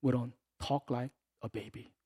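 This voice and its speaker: A man preaching a sermon as a pastor. He is animated, swinging from soft asides to loud, emphatic passages, and acts out the words he quotes. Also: medium pitch, normal speed, husky, no echo.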